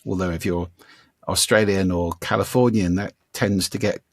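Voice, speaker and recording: An older man as an interview guest, explaining ideas in a demonstrative way and playing with his pitch and volume to show his points. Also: fairly even intonation, normal speed, no echo, clean studio sound. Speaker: guest, speaking coach. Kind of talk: conversational interview.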